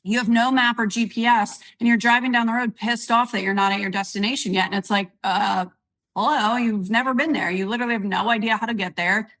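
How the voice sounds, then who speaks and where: A woman's voice: on the high side, steady tone, fairly quick, fairly bright tone, low-quality recording. A woman co-hosting a podcast, chatting casually and leaning on analogies. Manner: chatty, uses analogies, frequent agreement. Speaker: podcast co-host.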